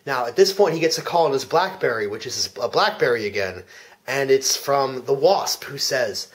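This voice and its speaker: A man giving a deadpan parody commentary track, telling an absurd plot earnestly, with frequent restarts. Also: medium pitch, normal speed. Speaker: comedic fake commentary speaker.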